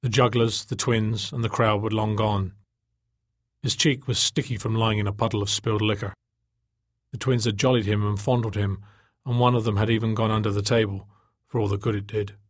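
Husky male audiobook narrator. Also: on the low side, fairly even intonation, fairly quick, dry recording, clean studio sound. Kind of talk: scripted narration.

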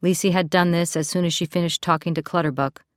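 Woman, audiobook narrator, steady even storytelling, low voice, dry close recording. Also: fast, no room sound. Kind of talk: scripted narration.

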